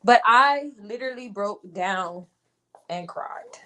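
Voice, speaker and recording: A woman's voice: medium pitch, lively intonation, takes it slowly, fairly bright tone. A woman in her twenties telling a personal story on her vlog in an emphatic, venting way, talking straight to her viewers. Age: 20s. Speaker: vlogger and mother.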